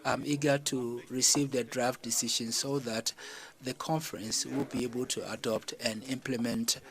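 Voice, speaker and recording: Man, formal address to leaders, measured delivery, frequent fillers, middle pitch. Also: flat delivery, a bit bright, poor audio. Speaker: summit chair addressing heads of state. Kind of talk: formal policy speech.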